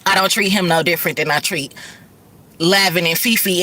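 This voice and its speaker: Fast-talking, profane middle-aged woman. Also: fairly low pitch, pushed and bright, a little hiss or hum. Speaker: vlogger and rideshare driver. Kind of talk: casual chat to camera.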